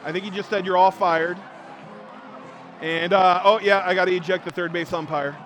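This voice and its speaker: A man preaching a sermon, telling self-mocking stories with lively jumps between loud and quiet. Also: high voice, fast talker, faint music behind, some chatter behind. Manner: joking, self-mocking storytelling; animated, swings from loud to quiet. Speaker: pastor.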